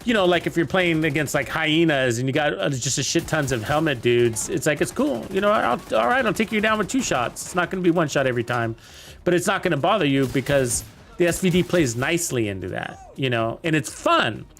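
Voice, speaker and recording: A man's voice: on the high side, expressive, brisk, creaky, fairly bright tone. A young man giving casual, rambling commentary while playing a video game, chatting to his viewers with lots of fillers. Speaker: game streamer.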